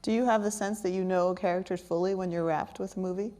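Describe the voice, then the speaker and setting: Woman interviewer, lower register, friendly and conversational onstage questions. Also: fairly even intonation, quick pace, dark tone. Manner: chatty, laughs often, asks questions. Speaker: interviewer, culture reporter.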